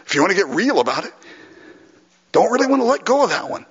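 Animated pastor preaching in a reverberant hall. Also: male voice, high voice, fast talker, slightly rough, lo-fi sound. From Los Angeles. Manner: animated, acts out prayers, chuckles often. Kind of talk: sermon.

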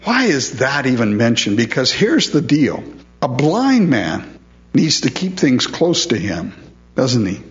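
A man's voice: medium pitch, measured pace, lo-fi sound, faint music behind. A man preaching a sermon, retelling a Bible story and acting out the voices of its people. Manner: lively storytelling delivery, acting out quoted voices.

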